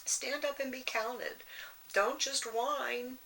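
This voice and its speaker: A woman's voice: high-pitched, fairly even intonation, slow pace, creaky, sharp tone, poor audio. A woman giving a casual astrology and tarot reading, rambling with lots of "you know" and restarts in a motherly, advice-giving way. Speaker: tarot reader.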